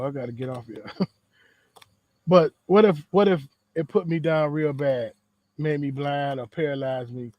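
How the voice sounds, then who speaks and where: A man's voice: a little high, darkish tone, no echo. A man hosting a podcast, giving a loose, conversational faith talk outdoors in a backyard, full of slang and repeated phrases. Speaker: podcast host.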